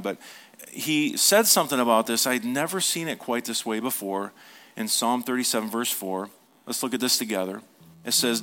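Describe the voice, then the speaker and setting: A pastor preaching in a mid-pitched male voice, putting questions to his congregation and echoing them back. He shifts between animated emphasis and soft, intimate asides. A faint bed of music plays behind him. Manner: drops to soft, hushed tones for tender points. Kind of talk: sermon.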